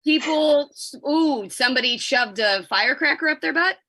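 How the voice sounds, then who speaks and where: Bright-voiced woman co-host. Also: high-pitched, animated, moderate pace, no room sound. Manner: bubbly, trailing off mid-thought. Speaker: podcast co-host. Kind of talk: casual comedy chat.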